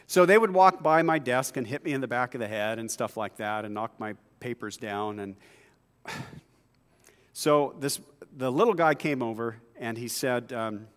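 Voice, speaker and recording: A male pastor preaching a sermon, telling stories in a relaxed, conversational way with frequent asides. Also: medium pitch, long reverb tail. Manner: conversational storytelling with asides and laughs.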